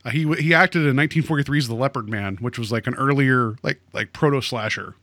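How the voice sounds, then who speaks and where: A man's voice: medium pitch, fast, a bit bright, no echo. A man co-hosting a podcast in casual chat, rambling along with lots of "like" fillers. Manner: rambling, filler-heavy with many "like"s. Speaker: podcast co-host.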